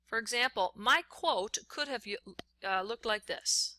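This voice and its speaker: A woman's voice: a little high, animated, a little slow, sharp tone, no echo. A woman teacher talking step by step through a writing lesson while she types on screen. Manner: step-by-step, talks while typing.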